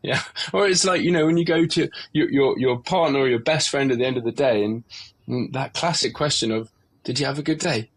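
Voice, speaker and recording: A man with a husky, slightly breathy voice hosts an open, serious conversation. His pitch sits in the middle range for a man, and he speaks earnestly, lifting his voice when he plays out the lines people say to each other. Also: a little fast. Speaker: podcast host.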